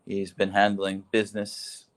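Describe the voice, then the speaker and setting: A man's voice: low voice, completely flat delivery, unhurried. A man co-hosting a casual conversation, upbeat and enthusiastic, laughing easily. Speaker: co-host, expat living in Laos.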